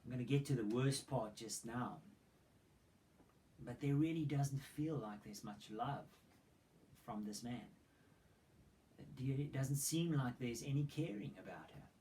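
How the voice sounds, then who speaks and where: A man's voice: medium pitch, a little slow, pauses often, warm tone. A man preaching a sermon in a mid-range voice. He retells the story dramatically and keeps asking his listeners rhetorical questions. Faint noise sits behind him in a church hall.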